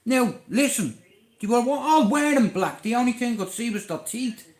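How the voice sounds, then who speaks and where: A man with an Irish accent telling a story on a livestream, blunt, animated and swearing constantly. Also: very high voice, normal speed, reverberant.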